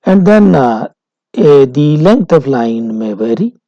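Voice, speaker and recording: A male lecturer, explaining slowly and deliberately, with frequent "uh" pauses. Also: medium pitch, sing-song, dark tone, no room sound. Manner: measured, explanatory, frequent "uh" fillers. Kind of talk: recorded university lecture. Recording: dull lo-fi recording.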